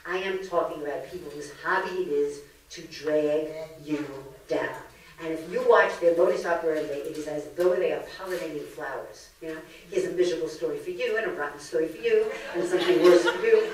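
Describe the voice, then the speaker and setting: An older woman giving a humorous public lecture, with a lively comic delivery and acted-out quotes. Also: sits low, fairly quick. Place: library lecture room. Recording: echoey hall from far off, faint noise.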